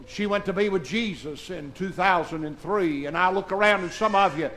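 Male pastor in his 60s, high, ringing voice, moves between shouted preaching and near-tearful confession. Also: normal speed, slight background noise, rough recording. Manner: swings from shouted preaching to soft, tearful confiding. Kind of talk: emotional sermon. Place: church sanctuary.

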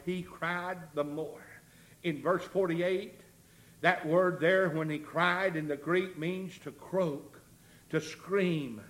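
A man preaching a revival sermon with a high, bright, cutting voice. He surges into shouted appeals and then drops down low and hushed, pleading with the congregation. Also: fairly even intonation, takes it slowly. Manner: impassioned, rising into shouts and dropping low.

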